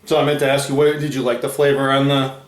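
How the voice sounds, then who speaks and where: A man's voice: medium pitch, little pitch movement, quick pace, reverberant. A man hosting a food tasting video in casual chat, explaining facts he reads off the packaging. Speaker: host of a food challenge channel.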